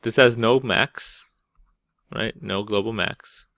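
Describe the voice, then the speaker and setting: A math teacher explains calculus at a whiteboard in a casual, conversational way, often asking "right?" and restarting words mid-thought. His voice is lowish, steady, slow and a bit bright, recorded dry at studio quality.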